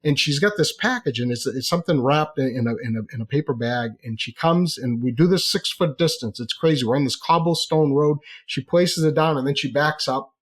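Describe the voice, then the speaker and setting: A man telling a personal story in a chatty, animated way, repeating phrases for effect. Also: mid-range voice, brisk, few pauses.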